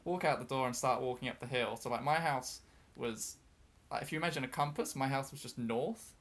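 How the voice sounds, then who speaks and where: A man's voice: mid-range voice, brisk, fairly bright tone. A man chatting casually on a podcast, telling a long story with lots of fillers, restarts and self-deprecating asides. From outside Britain. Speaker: guest storyteller.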